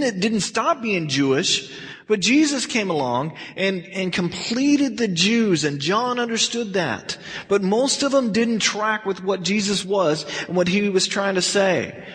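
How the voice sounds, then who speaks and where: A man's voice: high voice, a bit bright. A man teaching a verse-by-verse Bible study in a conversational, emphatic way, often restarting his sentences. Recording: long hall reverb.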